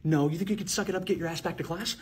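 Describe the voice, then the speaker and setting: A man playing a school nurse in a comedy sketch, talking sugary-soft with an impatient edge. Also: fairly high pitch, racing, noisy background, close to an everyday voice. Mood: fake sweet.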